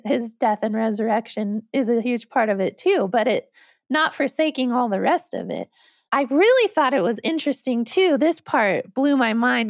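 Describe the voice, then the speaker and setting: A female podcast co-host with a high voice and a gravelly fry. She talks about ideas with enthusiasm. The sound is dry and close. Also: no echo. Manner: engaged, enthusiastic, uses fillers like "like". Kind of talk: podcast conversation.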